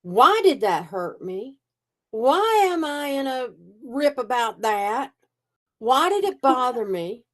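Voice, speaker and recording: A woman's voice: high-pitched, big pitch swings, slow, a bit bright. A woman co-hosting a casual podcast, thinking aloud in a reflective way, often restarting her sentences. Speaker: podcast co-host. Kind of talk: casual conversational podcast chat.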